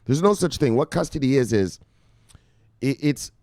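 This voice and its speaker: A man presenting crypto news in casual, profane commentary, rambling and swinging from loud outbursts to muttered asides. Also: mid-range voice, lively intonation, normal speed, dry recording, studio quality.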